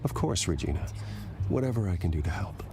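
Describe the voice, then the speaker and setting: A man's voice: deep voice, sing-song, a little fast, distant mic, background noise. An actor voicing a stoic young male billionaire heir in a video game, who speaks in a restrained, grave way. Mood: polite.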